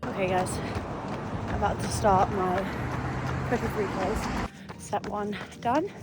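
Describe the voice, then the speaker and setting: Out on a run, a young woman talks to the camera for her running vlog, breathless, worn out and coaching herself along in a chatty way. She speaks slowly in a steady, mid-range voice, with loud music and noisy outdoor sound behind her.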